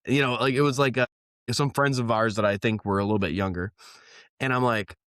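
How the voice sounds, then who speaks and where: A man's voice: medium pitch, fairly even intonation, fairly quick, a bit bright, no echo, studio quality. A man co-hosting a podcast, chatting casually in a rambling, profane way and laughing often. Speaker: podcast co-host. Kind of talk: casual banter. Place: South Carolina.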